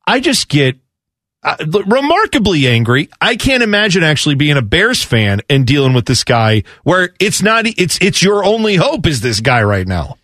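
A man's voice: on the high side, a bit bright, no echo, clean studio sound. A man co-hosting sports talk radio, ranting with exasperated emphasis.

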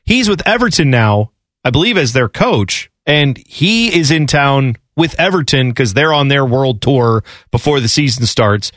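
A sports radio host chats casually on his talk show, rambling, cracking jokes and laughing often. His mid-range voice is fairly bright, with lively intonation and a measured pace, recorded in a clean studio with no room sound.

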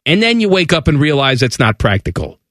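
A man's voice: on the high side, big pitch swings, fairly quick, fairly bright tone, no echo, studio quality. A man co-hosting a radio show, reading a letter aloud and mocking it incredulously. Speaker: radio co-host. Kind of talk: casual chat, reading aloud.

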